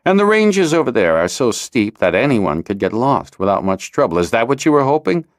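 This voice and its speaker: A haughty, suspicious dragonrider lord, put on by a male audiobook narrator. He speaks in a commanding, scornful way, raising his pitch and swinging his voice widely. The recording is dry and close. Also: big pitch swings, fairly quick, dry recording, close to an everyday voice.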